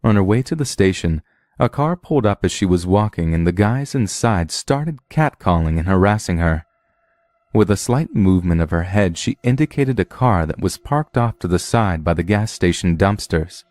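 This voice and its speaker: A man with a deep, low-pitched voice reads a scripted horror story. His telling is blunt and profane, with a plain, steady delivery. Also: moderate pace, dry recording, studio quality. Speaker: narrator.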